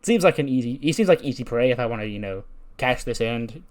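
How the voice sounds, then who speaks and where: A man's voice: mid-range voice, expressive, fast talker, a little mellow, close to an everyday voice. A man voicing a gloating woman wrestler who taunts while eyeing a championship in a wrestling game playthrough. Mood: smug. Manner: smug, taunting.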